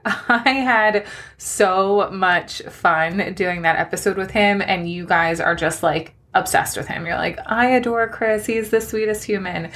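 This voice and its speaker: A woman's voice: on the low side, fairly bright tone. A young woman hosting a solo podcast, chatting in a gushing, encouraging way with frequent laughs. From New Jersey. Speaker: podcast host and online coach. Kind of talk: solo podcast life update.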